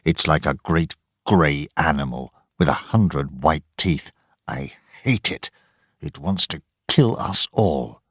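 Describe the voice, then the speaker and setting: A man voicing a cold, frightened and angry stranded man who shouts harshly in a storybook reading. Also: extremely low pitch, lively intonation, slow pace, slightly rough, no echo, clean studio sound, voice pushed down, full character voice. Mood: bitter.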